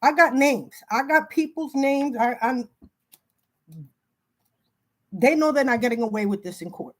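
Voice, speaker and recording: Woman vlogger, somewhat high voice, talks to camera in an urgent, shaky, stumbling way. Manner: halting, repeats words, breaks off emotionally; urgent warning tone. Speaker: spiritual video creator. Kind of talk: emotional direct-to-camera monologue.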